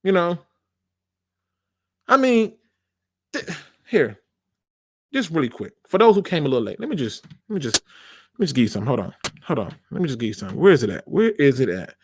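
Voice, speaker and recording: A man's voice: fairly high pitch, very animated, a little fast, pauses often. A man hosting a football fan channel, talking in a casual commentary rant, emphatic and informal, repeating his phrases for effect.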